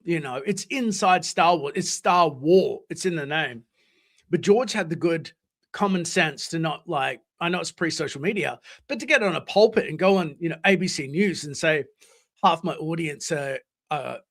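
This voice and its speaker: Aussie guy on a livestream, kinda high voice, animated, swears a lot, just chatting. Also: moderate pace. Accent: Australian. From Australia. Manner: animated, swears freely, reads out chat comments. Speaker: livestream host. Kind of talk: casual live chat.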